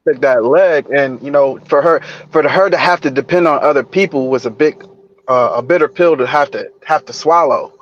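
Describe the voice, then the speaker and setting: A man calling in to a live stream, speaking haltingly and reflectively with many fillers. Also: on the high side, slight background noise. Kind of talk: casual call-in chat. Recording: dull, dry call audio.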